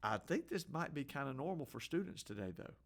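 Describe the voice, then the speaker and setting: A man's voice: a little high, very animated, a little fast, vocal fry. Opinionated man reading headlines. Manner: offhand and opinionated, with frequent restarts. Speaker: host. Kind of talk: casual news commentary.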